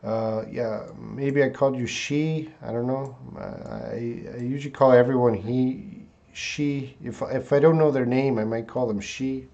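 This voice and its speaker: Male English teacher on a live stream, desktop mic, mid-pitched, relaxed and halting delivery. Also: creaky, dull audio. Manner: casual, hesitant, reads viewer comments aloud. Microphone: desktop USB mic.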